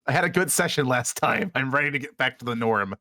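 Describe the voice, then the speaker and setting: Male player, jokey, lively pitch, dry sound. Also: quick pace, no echo. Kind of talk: casual game chat.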